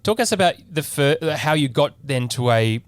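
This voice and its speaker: Man, podcast co-host, mid-pitched voice, casual rambling questions. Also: expressive, normal speed, dry recording. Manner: rambling, loosely phrased questions.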